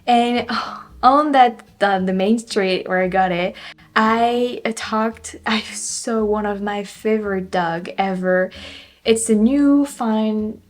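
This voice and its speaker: Young French woman, travel vlogger, accented English, chatty and giggly, lots of fillers, mid-pitched. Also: slow pace. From France. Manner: chatty, laughs often, many fillers and restarts. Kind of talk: casual chat to camera.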